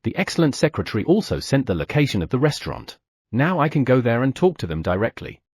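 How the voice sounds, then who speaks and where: A man narrating an audiobook in the first person with expressive delivery. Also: mid-range voice, quick pace, husky, no room sound, studio quality.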